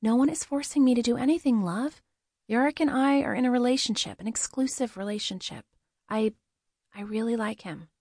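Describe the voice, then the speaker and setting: A woman voicing a warm, teasing young woman friend in an audiobook, with an affectionate, playfully scolding manner. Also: fairly high pitch, brisk, dry recording, clean studio sound, pitched above the performer's own voice. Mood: reassuring.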